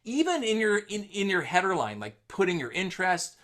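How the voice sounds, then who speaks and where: A man's voice: sits high, sing-song, brisk, a bit bright. A man hosting a live webinar, telling an anecdote casually with lots of fillers before summing up sales tips. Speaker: host.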